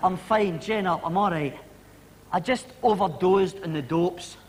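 A man's voice: high voice, unhurried, a little hiss or hum. A man with a Scottish accent voicing a hapless football fan who speaks in a pleading, wry way.

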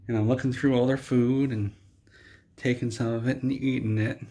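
Deadpan man telling an absurd story. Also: mid-range voice, quick pace. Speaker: comedy storyteller.

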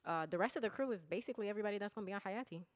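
A young adult woman, a filmmaker guest, chatting casually and quickly with lots of fillers in a radio studio. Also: mid-range voice, dry recording. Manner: quick, loose, full of fillers. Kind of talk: casual chat. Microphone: studio mic.

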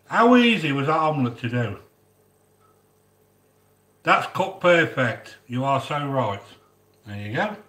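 A man's voice: medium pitch, sing-song, a little slow, pauses often, fairly bright tone, distant mic. Chatty man cooking, roomy echo. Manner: chatty, rambling asides between instructions. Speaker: home cook. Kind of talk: casual cooking demonstration. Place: home kitchen.

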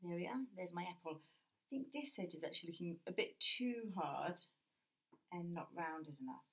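A low-pitched woman with a British accent walks through a drawing lesson. She talks gently and thinks aloud as she works, her voice sitting deep for a woman. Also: animated, normal speed. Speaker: art teacher. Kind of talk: drawing lesson while working.

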